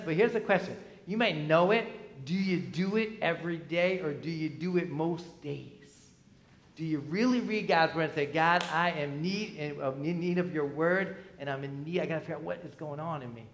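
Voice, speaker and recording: A man's voice: on the high side, a bit bright. A man who is a pastor, preaching a sermon in a conversational way, often asking the congregation questions and checking in with "right?". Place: church sanctuary. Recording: echoey church hall.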